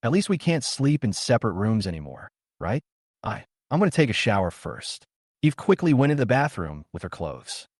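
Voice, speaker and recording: A man narrating a manhwa recap in a lively, rising-and-falling voice. He reads every character in the same steady narrator voice. The recording is dry and close, with no room sound. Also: medium pitch, moderate pace, no echo. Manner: reads all parts in one steady narrating voice.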